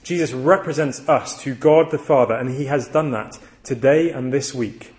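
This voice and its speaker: Male preacher, mid-pitched, earnest storyteller with emphatic repetition. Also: normal speed, darkish tone. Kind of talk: sermon.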